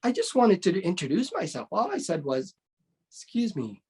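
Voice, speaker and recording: A man's voice: high voice, fairly quick, breathy edge. A middle-aged man, a martial arts instructor, telling a story in a casual interview. He acts out the voices of the people in it and keeps asking "right?". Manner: animated, acts out quoted voices, often ends with "right?".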